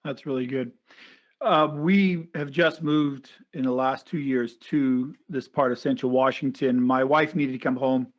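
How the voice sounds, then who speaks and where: A man's voice: medium pitch, a little slow. A man hosting a podcast, telling a story in casual chat and acting out the voices of the people in it. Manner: lively storyteller who acts out quoted voices. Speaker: podcast host.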